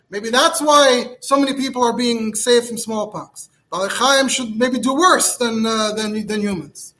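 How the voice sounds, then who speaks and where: High, bright-voiced rabbi giving a shiur. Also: male voice. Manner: chatty, digressive, many fillers and restarts. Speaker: rabbi teaching a halacha class. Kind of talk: informal Torah lecture.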